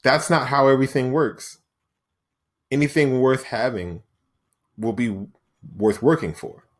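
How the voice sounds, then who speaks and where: A man's voice: medium pitch, steady tone, measured pace. A man hosting a motivational podcast, talking in an emphatic monologue and often tagging his points with "right?". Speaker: podcast host.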